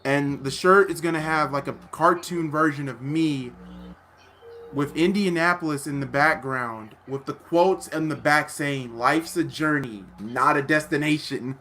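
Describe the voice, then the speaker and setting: A man's voice: fairly high pitch, unhurried, sharp tone, slight background noise. A man hosting a livestream, chatting casually and animatedly, laughing often. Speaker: livestream host.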